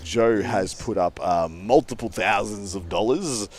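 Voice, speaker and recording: A man's voice: lowish voice, measured pace, a little hiss or hum. A young Australian man co-casting a live tabletop tournament, laid-back and jokey. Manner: laid-back banter with slang. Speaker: co-caster.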